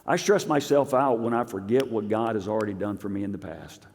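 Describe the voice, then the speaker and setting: A man preaching a sermon as pastor, swinging between loud emphasis and quiet asides. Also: lowish voice, fairly quick, long reverb tail. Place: church sanctuary.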